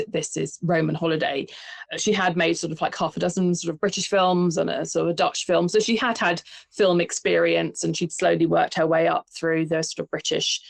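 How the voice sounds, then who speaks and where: Lower-voiced woman, film lecturer guest. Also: creaky, no echo. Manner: measured, peppers speech with "sort of". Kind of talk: conversational podcast interview.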